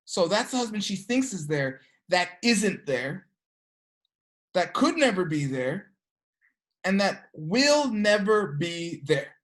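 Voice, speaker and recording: A woman's voice: mid-range voice, very animated, slow pace. A woman teaching a class, telling a story and checking in with her students with frequent "okay?" questions. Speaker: teacher of an energy work class.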